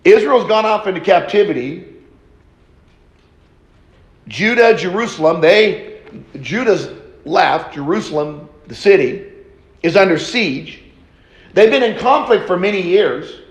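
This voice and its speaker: Brief: male preacher, high voice, slow and deliberate, echoey church hall. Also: expressive. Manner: slow, deliberate teaching with repeated phrases. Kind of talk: sermon. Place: church auditorium.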